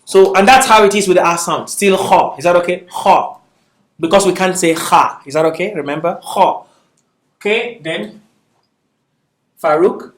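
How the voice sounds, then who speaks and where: A man's voice: sits high, fairly quick. A male language teacher giving a patient classroom lecture, checking often that the students follow. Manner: patient, often asks "is that okay?". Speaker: Arabic teacher. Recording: echoey classroom, voice from far off.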